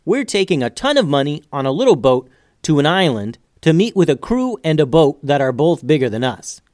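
A man's voice: on the high side, very animated, a little fast, a little mellow, no room sound, studio quality. A man voicing a skeptical, sarcastic young female ninja in a storybook.

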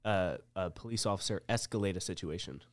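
A man with a fairly low voice, talking bluntly and casually with plenty of swearing. He sounds like a relaxed podcast guest. The sound is dry and close. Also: fairly quick, no room sound. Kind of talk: casual chat.

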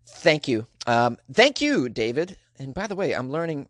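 A man's voice: a little high, very animated, normal speed, a bit bright, no room sound, studio quality. Jokey, rambling male podcast host. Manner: jokey, self-deprecating and rambling. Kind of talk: comedic news podcast chat.

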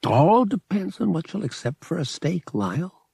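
A man performs a smug, impatient young male pilot in an exaggerated voice pitched above his own, high and gravelly with big pitch swings, a little mellow and slightly rough. The pilot speaks curtly in short, clipped lines at a moderate pace, recorded at studio quality with no echo.

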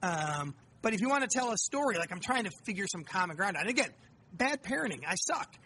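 Husky, bright-voiced candid man. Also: high-pitched, sing-song, fast. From United States. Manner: candid, swearing, storytelling about fatherhood. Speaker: author guest. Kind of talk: casual interview conversation.

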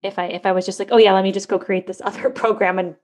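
A woman in her thirties telling a personal story in a candid interview, lively and chatty, acting out the voices of people she quotes. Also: medium pitch, fast talker. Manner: animated, acts out quoted voices, frequent "like" fillers. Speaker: guest.

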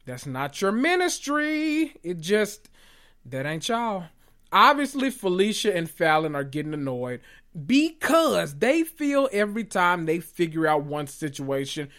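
A podcast host giving a sassy, animated recap of a reality show, full of joking asides and cursing. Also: mid-range voice.

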